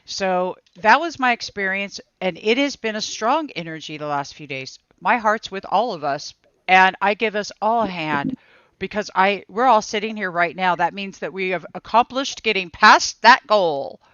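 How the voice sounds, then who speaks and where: A woman shares a personal story on a panel in an animated, casual way, now and then repeating a phrase in quick bursts. Her voice is smooth and resonant. It is recorded dry and close, with a slightly dull, muffled tone. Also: mid-range voice, dry recording. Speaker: panel guest. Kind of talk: casual spiritual chat.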